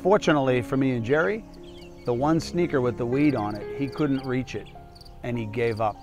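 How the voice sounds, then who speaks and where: A man's voice: mid-range voice, normal speed, music in the background. A man in his fifties, a doctor and public speaker, telling a personal cautionary story in an emphatic, candid, conversational way.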